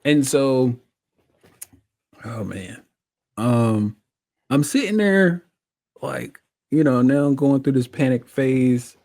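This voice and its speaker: A man telling his story in a casual chat, animated and laughing often as he acts out what people said. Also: mid-range voice, slow, pauses often.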